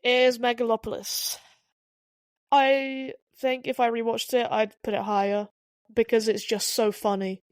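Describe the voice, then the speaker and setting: A woman's voice: a little high, flat delivery, a little slow, no room sound, studio quality. A woman co-hosting a podcast, giving blunt, opinionated film reviews in casual chat with hesitant restarts. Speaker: podcast co-host.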